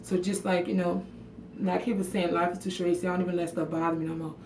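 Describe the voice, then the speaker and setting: A woman's voice: on the low side, flat delivery, fast, a little mellow, slight background noise. A woman chatting on a casual livestream from her bathroom, frank and emotional, swearing freely and answering viewers' comments by name. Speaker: livestream vlogger. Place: bathroom at home. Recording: echoey room audio picked up from a distance.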